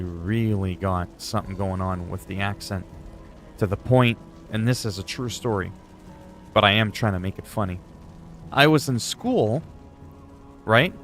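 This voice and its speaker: A man's voice: fairly low pitch, fairly bright tone. A man streaming games, chatting in a rambling, joking way with some swearing. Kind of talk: casual chat while gaming.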